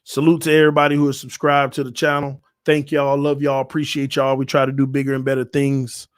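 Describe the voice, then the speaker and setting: Man in his thirties, casual sports-stream host, dry close sound, mid pitch. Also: a little fast, smooth, no echo. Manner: animated, laughs loudly, slangy. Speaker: channel host. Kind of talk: casual sports livestream chat. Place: home.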